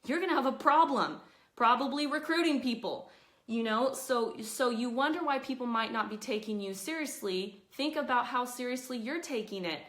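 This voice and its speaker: A woman talking live to her network marketing team, chatty and earnest, giving motivational highlights. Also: moderate pace, fairly bright tone, reverberant. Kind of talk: casual Facebook Live talk.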